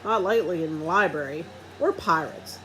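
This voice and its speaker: A woman reading a children's storybook aloud in an expressive, animated first-person way. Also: lowish voice, normal speed, a crowd in the background, low-quality recording. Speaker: reader.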